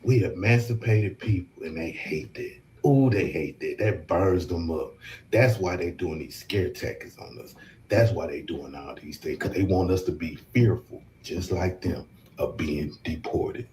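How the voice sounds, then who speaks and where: A man on a panel podcast making emphatic, repetitive points, slowing down to stress them. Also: low voice, darkish tone. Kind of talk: casual political discussion.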